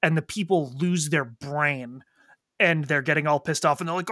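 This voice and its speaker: A man in casual chat who animatedly retells a video game story. He swears freely and acts out the characters in quick quoted lines. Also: a little high, pushed and bright, no echo, clean studio sound.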